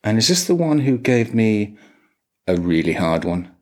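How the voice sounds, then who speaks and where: A man's voice: lowish voice, big pitch swings, moderate pace, a little mellow. A man co-hosting a podcast, telling a self-mocking story in casual chat with his sister. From England. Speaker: podcast co-host.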